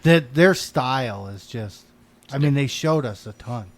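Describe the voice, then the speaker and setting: A man from New York hosting a podcast, telling stories in an animated way and swearing casually. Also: medium pitch, measured pace. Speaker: podcast host.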